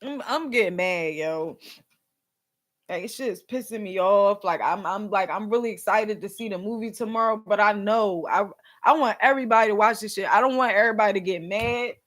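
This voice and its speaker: A woman's voice: mid-range voice, a little fast. A young woman from Philadelphia, upset and near tears, ranting bluntly and with heavy profanity on a live stream. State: tearful and upset. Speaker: vlogger and podcast host. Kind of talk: emotional live-stream rant.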